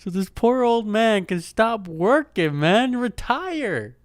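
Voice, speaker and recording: A man's voice: sits high, animated, slow pace, dry recording, clean studio sound. A young man hosting a casual solo podcast, rambling along in a laid-back way, joking, swearing, and calling the listener "dude" and "man.". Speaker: podcast host.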